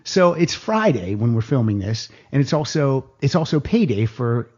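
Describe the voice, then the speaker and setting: A middle-aged man telling a long story in a casual podcast chat, animated and acting out other people's lines. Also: medium pitch, moderate pace, husky. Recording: dull lo-fi podcast audio.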